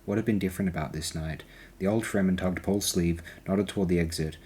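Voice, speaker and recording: Deep husky male audiobook narrator. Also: fairly even intonation, fairly quick, a little mellow.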